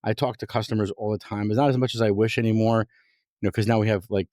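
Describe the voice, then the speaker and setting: A company founder talks as a podcast guest in a passionate, rambling way, often restarting his sentences. His voice is a little low for a man. The recording is dry, with no room around it. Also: steady tone, quick pace, a little mellow, no room sound. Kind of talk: casual interview chat.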